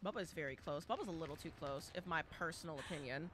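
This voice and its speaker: A woman streaming a live game, talking fast and often in bursts, shouting and repeating herself as the game goes on. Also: sits low, background noise. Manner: animated, exclaiming and shouting at the game; talks to chat and teammates, repeats phrases. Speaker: gaming streamer. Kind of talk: live gameplay commentary.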